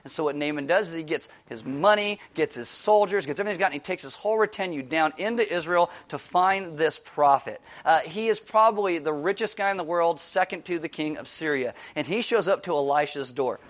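Animated preacher man with a high voice. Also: fairly quick, few pauses. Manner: animated, keeps asking the crowd "right?"; laughs often while preaching. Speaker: pastor. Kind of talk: sermon.

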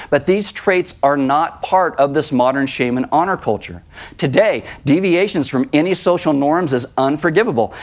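A man preaching a sermon in a voice a little higher than most men's. He talks like he is chatting with the room and slips into acted-out quotes. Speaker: pastor.

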